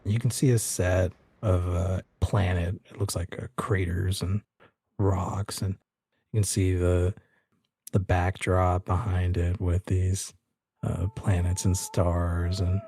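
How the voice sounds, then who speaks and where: A man's voice: low-pitched, little pitch movement, takes it slowly, over music. A man running a tabletop game as game master, narrating scenes in a loose, descriptive way with fillers.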